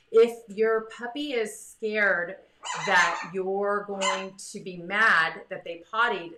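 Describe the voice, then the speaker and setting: A chatty woman gives dog training tips with a bright, forceful voice. She talks in a casual, animated way and slips into little voices for her dog. The sound rings in an echoey room. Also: medium pitch. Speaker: dog breeder giving training advice. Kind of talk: casual advice talk to camera.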